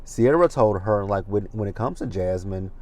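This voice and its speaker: A man's voice: on the low side, expressive, normal speed, darkish tone, no room sound. A man hosting a casual reality TV recap, talking in a chatty, gossipy way with asides and profanity. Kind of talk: casual chat commentary.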